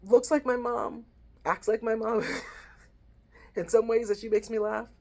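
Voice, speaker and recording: A middle-aged woman talks to her channel in an earnest, reflective way, telling a personal family story. Her voice carries quiet emotion and lingers on the feelings behind her words. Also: fairly high pitch, steady tone, a little slow, vocal fry. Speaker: vlogger. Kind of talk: heartfelt personal vlog.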